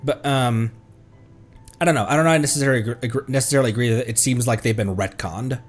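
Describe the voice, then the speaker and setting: A man giving casual livestream reaction commentary, rambling and hesitant with many restarts and bursts of excitement. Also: mid-range voice, fast talker, faint music behind. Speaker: streamer.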